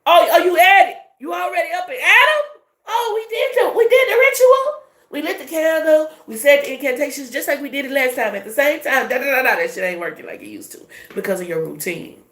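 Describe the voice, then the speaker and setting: A woman's voice: sits high, big pitch swings, brisk, a bit bright, roomy sound, pitched above the performer's own voice. A woman voicing a petty, gossiping female witch who schemes with others and sounds mocking and exaggerated. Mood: shrill mocking.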